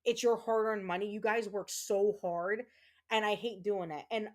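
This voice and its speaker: Streaming a game, a woman speaks at normal speed with a medium pitch and steady tone, chatting loosely with viewers through lots of fillers and false starts. Tearful and emotional, she thanks her audience.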